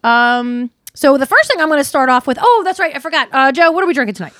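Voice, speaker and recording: A woman's voice: high-pitched, animated, quick pace, a bit bright, no room sound, clean studio sound. A woman co-hosting a casual podcast chat, laughing often and rambling loosely. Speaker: podcast co-host.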